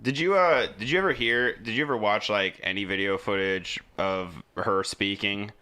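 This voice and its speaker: A man's voice: fairly low pitch, normal speed, sharp tone, clear, resonant tone. A man co-hosting a casual podcast, chatty and speculative, jumping in with his own opinions. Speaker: podcast co-host.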